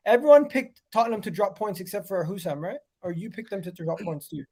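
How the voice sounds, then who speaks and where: A man hosting a casual football podcast, calmly steering the panel through predictions. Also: high-pitched, fast, breathy edge. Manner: laid-back, steering the talk. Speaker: podcast host. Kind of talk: moderating casual panel chat.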